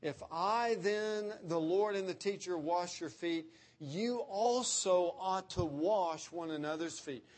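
A man preaching an expository sermon, slowing down to quote scripture and stressing key words. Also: high voice, a little mellow. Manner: emphatic, slows down to quote scripture. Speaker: pastor.

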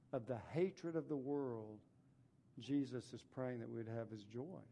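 Mellow-voiced man preaching an emphatic sermon. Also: medium pitch. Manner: emphatic, repeats phrases for stress; reads scripture aloud then explains it. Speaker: pastor.

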